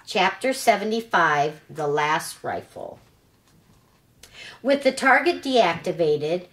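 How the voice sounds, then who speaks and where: A woman reads a children's novel aloud at an unhurried pace, laying each sentence down with care. Her voice sits in a middle pitch, neither high nor low. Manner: slow, deliberate storytelling. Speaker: storyteller.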